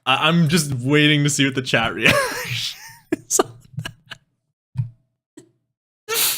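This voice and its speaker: Casual canadian dude on stream, super lively, cracks himself up, swears a bunch. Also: male voice, on the high side, moderate pace. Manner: animated, laughs often, swears casually. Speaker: music streamer. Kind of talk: casual live-stream chat.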